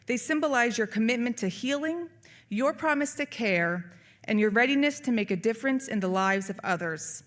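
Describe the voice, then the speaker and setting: A woman's voice: fairly high pitch, expressive, moderate pace. A middle-aged woman, a nursing faculty member, giving an earnest, emotional, inspirational speech at a ceremony in an event hall.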